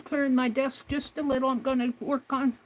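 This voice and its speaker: A woman's voice: sits high, level tone, brisk, a little hiss or hum. A woman hosting a craft livestream, talking herself through each step at her home desk. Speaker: craft channel host. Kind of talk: casual crafting livestream narration.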